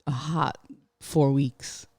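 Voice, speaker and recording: A woman's voice: extremely low pitch, steady tone, darkish tone, no room sound. Blunt young woman, dry close sound. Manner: blunt, quick to laugh. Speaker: podcast guest. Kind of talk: casual podcast chat.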